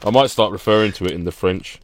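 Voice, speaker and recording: A man's voice: on the low side, quick pace. A man co-hosting a podcast, ranting with laughter in a casual chat. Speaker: podcast co-host.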